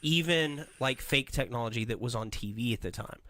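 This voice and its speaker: A man hosting a podcast, telling stories in an animated, rambling way in a casual comedic chat. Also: medium pitch, brisk, no room sound. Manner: animated, rambling storytelling with voices. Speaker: podcast host.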